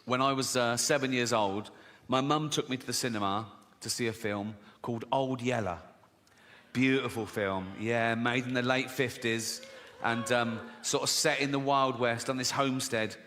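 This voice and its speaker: A man's voice: mid-range voice, steady tone, moderate pace, fairly bright tone. A middle-aged man doing a stand-up comedy set, laughing at his own jokes and acting out voices. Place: large live venue before an audience. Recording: live hall reverb, faint crowd noise.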